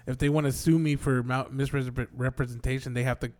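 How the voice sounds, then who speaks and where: A man's voice: medium pitch, brisk. Casual man asking questions. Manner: relaxed, asks questions, lots of "like" and restarts. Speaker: podcast co-host. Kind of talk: casual chat.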